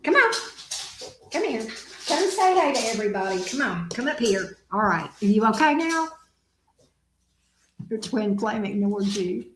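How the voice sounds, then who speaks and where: A teasing, joking woman chatting casually with her viewers and her dog. Her voice sits fairly high, and she takes her time over every phrase. The sound bounces around an echoey room. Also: sing-song, unhurried, long pauses, slight background noise. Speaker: tarot reader, channel host.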